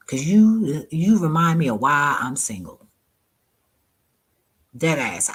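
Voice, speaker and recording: A woman's voice: low-pitched, slightly rough. A woman vlogger casually retelling a story to her viewers, profane and exasperated, often laughing.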